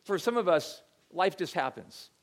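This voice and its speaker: A middle-aged man preaches from the pulpit in a relaxed, conversational way, stumbling over repeated words as he tells a story. His voice sits a touch higher than most men's. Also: moderate pace. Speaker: pastor. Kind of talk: sermon.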